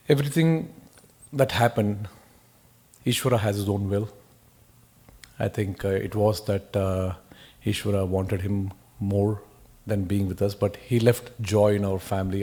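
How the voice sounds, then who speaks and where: Soft-spoken man sharing a remembrance. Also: fairly low pitch. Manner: halting, many pauses and fillers. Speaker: devotee speaking at a memorial. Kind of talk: personal remembrance speech.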